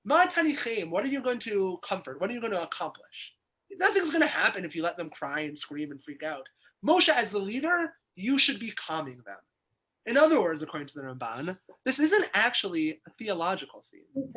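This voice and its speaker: A man's voice: high-pitched, very animated, fairly quick, pushed and bright, husky. A man, teaching a weekly Torah class as a rabbi over a video call, explaining by asking questions aloud. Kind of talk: lively text study lecture.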